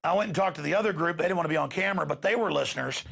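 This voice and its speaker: A man's voice: fairly high pitch, racing, vocal fry, a bit bright. A middle-aged man, hosting a show and delivering an impassioned, emphatic rant to his listeners. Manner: ranting, emphatic, repeats words when worked up. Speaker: radio show host.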